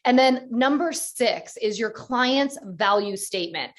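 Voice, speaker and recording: A woman's voice: on the high side, lively intonation, measured pace. Woman coaching agents through business planning. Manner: encouraging, explains step by step with many "you know"s. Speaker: real estate business coach. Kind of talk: instructional webinar talk.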